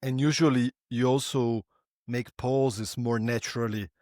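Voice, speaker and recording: A man's voice: medium pitch, fairly even intonation, unhurried, darkish tone, dry recording, clean studio sound. A man hosting a podcast interview, friendly, building long questions with restarts. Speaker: podcast host.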